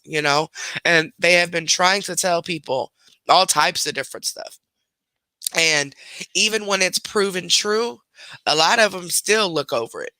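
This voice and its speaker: A man's voice: fairly high pitch, bright, forceful tone, dry recording. A man giving reaction commentary on a clip, talking in a scornful, sarcastic way.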